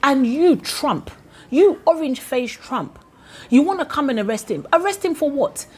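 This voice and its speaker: A woman's voice: high voice, lively intonation, moderate pace. A woman from Ghana with a Ghanaian accent, delivering an impassioned, indignant opinion vlog full of rhetorical questions. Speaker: vlogger.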